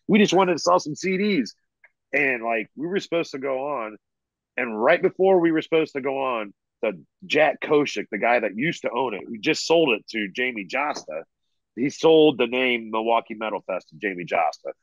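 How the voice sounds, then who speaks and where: A man with a gravelly, fry-laden voice rambles through profane stories in a casual chat. His sound is dry and a little dull, as if coming through earbuds on a call. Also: mid-range voice, lively intonation, moderate pace, no echo. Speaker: guest musician. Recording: dull lo-fi remote audio.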